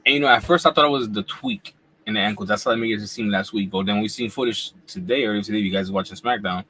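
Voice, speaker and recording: A man in his forties hosting a casual live wrestling reaction chat at home, talking in relaxed slang while he eats. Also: fairly low pitch, fast talker, a little hiss or hum, poor audio. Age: 40s. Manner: laid-back slangy talk, eating while talking. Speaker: wrestling YouTuber host.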